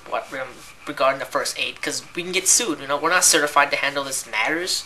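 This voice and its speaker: With a deep, bass voice, a young cashier barrels through an exasperated rant about bothersome customers, barely pausing. Her tone is bright and forceful, her delivery casual and meandering, heavy on "like" and "right?", over a little hiss or hum.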